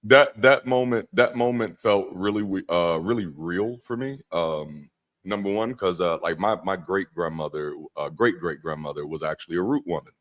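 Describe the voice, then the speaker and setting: A man joins a casual film chat. He talks with open enthusiasm and warm appreciation. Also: low-pitched, normal speed. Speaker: podcast guest.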